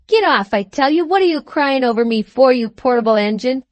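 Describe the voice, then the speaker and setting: A woman voicing a blunt young cockney manservant with a gruff, threatening manner. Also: high voice, animated, normal speed, no echo, highs cut off. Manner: gruff, threatening, dropped aitches and 'werry'.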